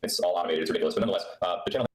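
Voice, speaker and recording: Deep-voiced man talking very fast. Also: reverberant, rough recording. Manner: rambling, sarcastic. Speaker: livestream host. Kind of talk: live Q&A stream chat. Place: indoor room on a trip. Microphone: laptop microphone.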